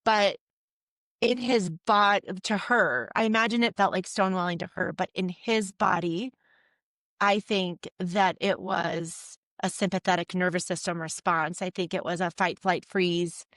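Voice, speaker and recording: A woman, a couples therapist, explaining with lively, acted-out examples in an interview. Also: lowish voice, a little slow, no room sound.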